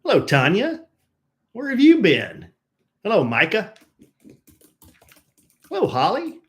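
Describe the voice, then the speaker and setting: A man's voice: high voice, huge pitch swings, a little slow. A man co-hosting a live stream, chatting casually and greeting viewers by name in a jokey, rambling way.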